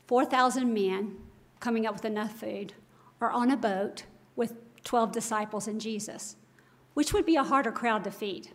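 A woman giving a devotional Bible teaching, earnest and emphatic, full of rhetorical questions. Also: a little high.

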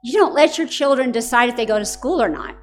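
A woman's voice: a little high, fast. A middle-aged woman preaching a sermon to parents, telling stories in an earnest, direct way.

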